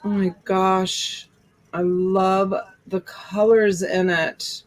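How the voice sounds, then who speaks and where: A woman's voice: mid-range voice, flat delivery, drawn-out words. A woman hosting a casual live-stream jewelry sale, gushing over pieces and joking with viewers. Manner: gushing, exclaims over items, laughs often. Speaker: host selling jewelry lots in a live stream.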